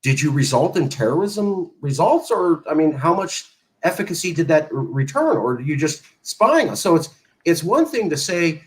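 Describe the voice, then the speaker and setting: A man's voice: on the high side, big pitch swings, normal speed, low-quality recording. A man hosting a political talk show, speaking with sarcastic emphasis and mocking the people he quotes. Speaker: host.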